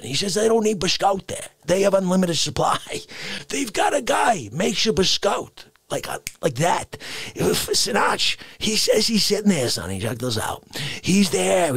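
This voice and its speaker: A man's voice: sits high, big pitch swings, moderate pace, vocal fry, fairly bright tone, breathy edge, no echo. A man doing an unscripted comedic rant. He rambles in mock outrage and laughs between lines. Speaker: live-stream comedian.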